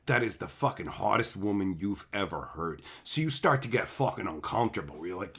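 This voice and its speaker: A man's voice: fairly low pitch, animated, a little fast, a bit bright. A man streaming live, chatting with viewers in brash, joking banter and swearing constantly.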